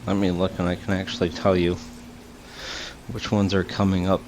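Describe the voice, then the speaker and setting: A man on a casual podcast explaining upcoming work, unhurried and clearing his throat now and then. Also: deep voice, little pitch movement, a little mellow, slight background noise. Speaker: developer explaining panels. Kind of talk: casual chat.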